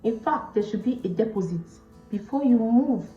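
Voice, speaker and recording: A young Nigerian woman vlogger telling stories about her work as a makeup artist, with a Nigerian accent and an animated manner, acting out the people in her stories. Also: fairly high pitch, moderate pace. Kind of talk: storytelling chat to camera. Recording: roomy, slightly dull sound with faint music behind.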